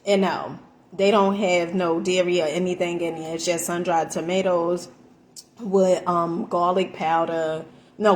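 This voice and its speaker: A woman chatting through a casual home cooking vlog, animated and full of fillers, calling her viewers honey. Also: fairly low pitch, a little hiss or hum. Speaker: vlogger. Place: home kitchen.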